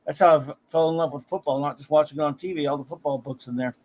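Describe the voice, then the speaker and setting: A man's voice: fairly high pitch, steady tone, fast. A middle-aged man hosting a casual live stream, chatting about comics and thanking viewers by name. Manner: warm shout-outs to chat viewers. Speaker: host of a comics talk stream.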